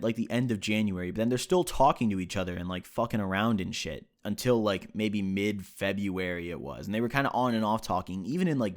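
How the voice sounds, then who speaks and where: Slangy, low-voiced young man telling a story. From United States. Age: young adult. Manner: slangy, profane, animated storyteller acting out his own reactions. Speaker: vlogger. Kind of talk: casual storytelling to camera.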